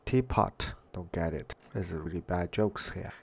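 A man's voice: lowish voice, steady tone, normal speed, creaky, few pauses. A man casually reading online jokes aloud, often laughing and stumbling over words. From Canada.

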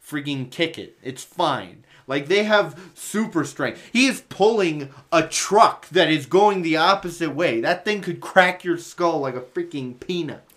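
A man co-hosting a podcast, chatting casually about a movie with animated, exaggerated outrage and mild swearing. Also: on the high side, unhurried, hardly any pauses. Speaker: podcast co-host. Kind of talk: casual movie-review chat.

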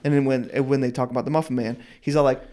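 A man in casual chat, telling profane, animated stories and acting out the other people's voices. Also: mid-range voice, very fast. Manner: profane, animated storyteller who acts out voices.

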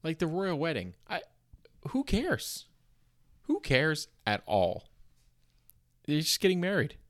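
A young Canadian man with a Canadian accent hosts a comedy podcast, rambling casually through old notes with plenty of fillers, restarts and self-deprecating asides. His voice sits fairly high and swoops wildly in pitch, and he talks slowly. The recording is dry, with clean studio sound.

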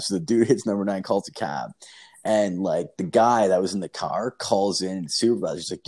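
A man's voice: low-pitched, fairly quick, a little mellow, husky. A man telling a story in casual chat, rambling and swearing, with lots of filler words.

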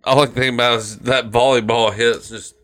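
A middle-aged podcast co-host chats casually, swearing a lot and rambling through retellings, acting out cartoon quotes in silly high voices. His own voice is level in tone, fairly quick, and a bit bright.

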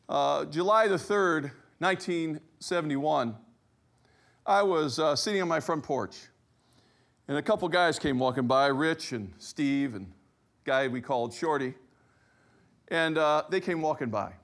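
A middle-aged man preaching a sermon, telling a personal story with lively acted-out quotes. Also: a little high. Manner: animated storyteller, acts out quoted voices. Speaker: pastor.

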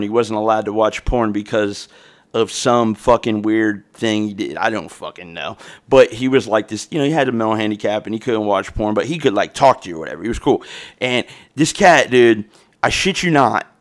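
A young man hosts his podcast in a loose, rambling rant. He swears constantly and talks in heavy slang. He records it on a phone. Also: lowish voice. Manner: profane, rambling, streetwise slang. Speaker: podcast host. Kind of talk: casual comedic podcast rant.

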